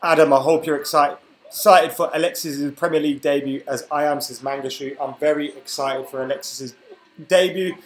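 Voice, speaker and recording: A man's voice: a little high, steady tone, a little fast, roomy sound, low-quality recording. A young man hosting a football live stream, chatting casually and reading out viewer comments while he has the hiccups. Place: room at home.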